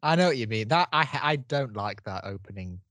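A man's voice: on the low side, lively intonation, brisk, fairly bright tone, no echo. A man co-hosting a podcast, chatting casually in a rambling way and chuckling. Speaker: podcast co-host. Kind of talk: casual review chat.

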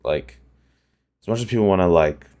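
Deep-voiced young man rambling casually. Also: normal speed, mellow, smooth. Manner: rambling, lots of "like" and restarts. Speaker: podcast host. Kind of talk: casual solo podcast chat.

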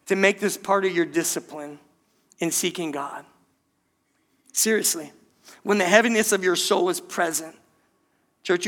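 A man's voice: high-pitched, a bit bright. A male pastor giving an earnest, impassioned sermon, often calling the congregation "church".

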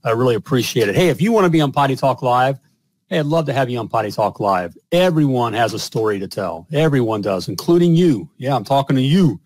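A man's voice: medium pitch, expressive, quick pace, a little mellow, no room sound. A man hosting a plumbing podcast in an upbeat, casual way, calling his guest brother. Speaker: podcast host. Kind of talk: casual interview chat.

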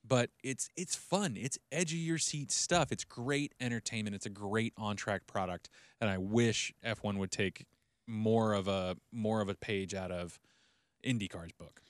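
A man's voice: on the low side, measured pace, no room sound. Enthusiastic man co-hosting a podcast. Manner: enthusiastic, emphatic. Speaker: podcast co-host. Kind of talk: casual chat.

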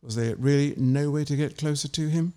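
A man, an author, reading his short story and then telling measured anecdotes in an interview. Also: fairly high pitch, dark tone. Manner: measured and anecdotal, with small restarts.

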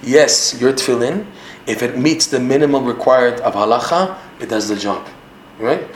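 A man with a Canadian accent teaching a Torah class in an animated way, quoting Hebrew lines and then translating them. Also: mid-range voice, echoey room, a little hiss or hum.

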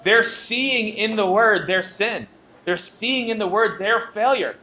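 A male pastor delivers a sermon with a high-pitched voice. His tone is bright and ringing. He preaches earnestly, pressing his points home by repeating them. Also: takes it slowly, slight background noise.

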